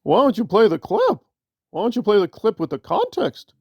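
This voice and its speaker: Man doing a shrill whiny upset woman. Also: huge pitch swings, normal speed, breathy edge, dry recording, highs cut off, heavily acted. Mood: demanding. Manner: shrill, complaining, mocking impression.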